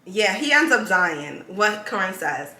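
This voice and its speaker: A woman's voice: medium pitch, sing-song, a little slow, sharp tone, echoey room. A woman hosting a podcast, telling stories casually with slang and laughter. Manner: loose storytelling with slang and laughs. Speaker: podcast host. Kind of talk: casual chat.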